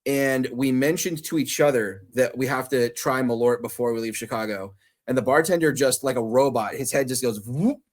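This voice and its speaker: A man co-hosting a podcast in casual chat, telling stories with quick laughs and loose swearing. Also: medium pitch. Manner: animated storyteller, quick laughs, swears freely. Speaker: podcast co-host.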